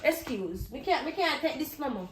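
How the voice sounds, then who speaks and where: A woman's voice: sits high, expressive, normal speed. A woman with a Jamaican accent playing a stubborn, boastful grandmother in a comedy skit, scolding in thick Patois. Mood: exasperated. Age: older. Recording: echoey room.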